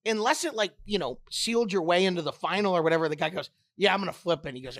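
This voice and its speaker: A man co-hosting a sports podcast, blunt and profane, telling stories with animated energy. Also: fairly high pitch, fast, gravelly, few pauses. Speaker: podcast co-host. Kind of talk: casual sports podcast chat.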